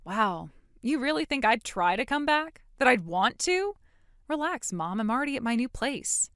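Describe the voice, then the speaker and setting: A woman's voice: a little high, lively intonation, moderate pace, fairly bright tone, clean tone, dry recording, clean studio sound. An actress voicing a blunt, sarcastic young woman standing up to her mother in a dramatic story. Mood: defiant. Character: defiant, sarcastic young woman cutting ties. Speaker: grown daughter in a voiced story.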